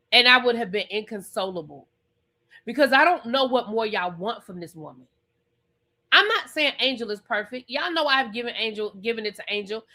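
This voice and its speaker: Brief: woman TV reviewer, casual recap, emphatic and repetitive, swears, fairly high, bright voice. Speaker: TV review vlogger.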